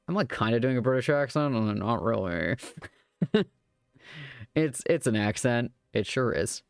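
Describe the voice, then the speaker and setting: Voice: mid-range voice, expressive, a little slow, long pauses, no echo, clean studio sound. A streamer reading a romance visual novel aloud live, with giggly, chatty joking asides.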